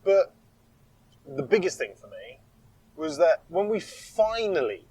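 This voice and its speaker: A man's voice: fairly high pitch, sing-song, measured pace, darkish tone, breathy edge, no room sound, rough recording. A man co-hosting a casual podcast, rambling through his opinions with restarts. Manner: rambling, restarts, frequent agreement. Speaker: podcast co-host. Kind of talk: casual chat.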